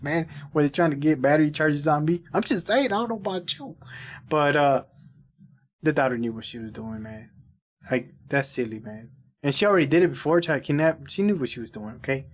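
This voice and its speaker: A man hosting a reaction video, chatting casually and rambling as he talks to the viewer. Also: a little high. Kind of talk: casual commentary.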